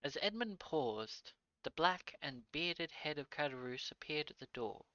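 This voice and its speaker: A man's voice: on the high side, lively intonation, measured pace, pushed and bright, no room sound, lo-fi sound. A man reading a classic novel aloud on a live stream, with casual asides. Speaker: reader.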